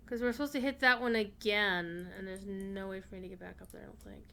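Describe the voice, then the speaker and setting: Bright-voiced woman streaming a game. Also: mid-range voice, fairly even intonation, a little fast, gravelly, few pauses. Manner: chatty, talks to her chat, swears casually. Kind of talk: casual gaming commentary.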